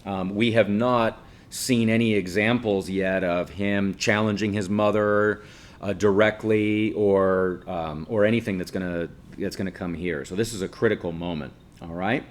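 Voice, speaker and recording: Man, teacher, lower voice, casual lecture, patient explaining, frequent check-ins. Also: steady tone, normal speed.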